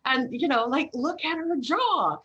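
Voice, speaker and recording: A woman's voice: high voice, a little slow, muffled recording. Encouraging woman voice coach. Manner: expressive, demonstrating sounds, encouraging. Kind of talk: casual chat with vocal demos.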